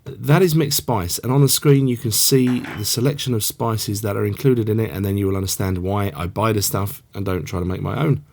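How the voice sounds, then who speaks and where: A man's voice: fairly low pitch, brisk, creaky, darkish tone. A man hosting a casual cooking tutorial, chatting along with rambling asides. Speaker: cookery show host.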